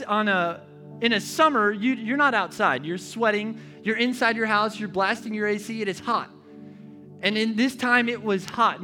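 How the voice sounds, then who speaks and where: High, bright-voiced young male preacher. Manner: chatty, joking, slangy retelling. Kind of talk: casual storytelling sermon.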